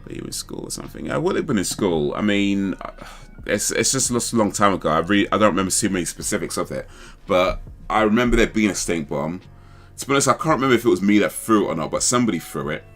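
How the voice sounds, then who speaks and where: A man's voice: on the low side, animated, quick pace, fairly bright tone, soft background music. A man hosting a casual livestream chat, rambling and thinking aloud as he second-guesses himself. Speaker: livestream host.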